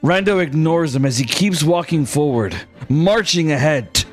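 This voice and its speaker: A man's voice: on the high side, lively intonation, faint music behind. A man narrating as game master for a tabletop game, drawing out his lines. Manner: slow, drawn-out narration.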